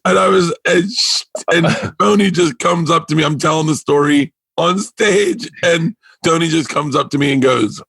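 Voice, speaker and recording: Animated male comedian telling stories. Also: a little high, normal speed, gravelly, few pauses, breathy edge, no room sound. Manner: animated, frequent restarts and acted-out quotes. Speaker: comedian guest. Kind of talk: casual storytelling.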